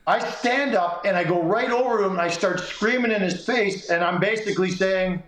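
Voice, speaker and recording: A man's voice: high voice, normal speed, hardly any pauses, roomy sound, low-quality recording. A middle-aged man, a sports columnist, casually telling a long story and acting out what people said. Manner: animated anecdote telling, acts out quotes.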